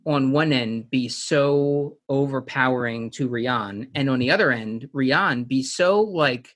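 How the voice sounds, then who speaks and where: A man's voice: mid-range voice, slow, a bit bright. A man co-hosting a casual podcast chat, rambling through his thoughts, laughing often and acting out quotes. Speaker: podcast co-host. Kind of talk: casual chat recapping a TV episode.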